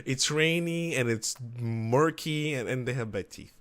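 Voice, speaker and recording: A man co-hosting a casual chat show, excitable, teasing and quick to swear. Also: medium pitch, clean tone. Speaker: co-host.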